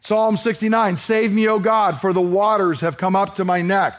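A male pastor preaching an expository sermon, earnest and emphatic, slowing down to read scripture aloud. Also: high-pitched, steady tone.

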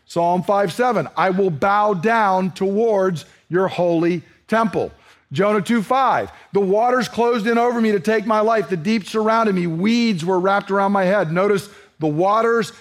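A male pastor preaching an expository sermon, earnest and emphatic, slowing down to read scripture aloud. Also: high-pitched.

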